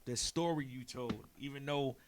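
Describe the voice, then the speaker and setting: A man's voice: medium pitch, moderate pace. A man hosting a wrestling podcast, asking loose, rambling questions. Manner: casual, rambling questions with fillers. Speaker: podcast host. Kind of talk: casual interview.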